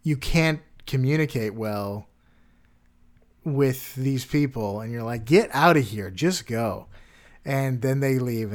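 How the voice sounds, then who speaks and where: Meet a man in his element as a podcast host, rambling his way through a story with plenty of "like" and "just" filling the gaps. He slips in dry puns as he quizzes his co-host, in a voice that sits squarely mid-range for a guy. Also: medium pitch. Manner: loose storytelling with many "like" fillers, dry wordplay. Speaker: podcast co-host presenting facts and quiz. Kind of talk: casual chat.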